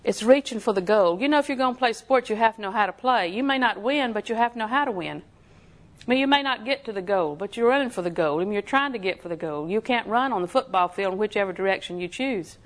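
A woman's voice: mid-range voice, lively intonation, quick pace. A woman preaching a sermon in a folksy, emphatic way, often putting questions to her listeners.

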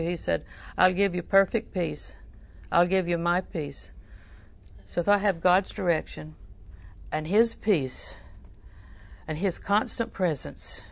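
A woman's voice: fairly low pitch, creaky. A woman preaching a sermon, telling a story and quoting scripture, asking the listeners questions as she goes.

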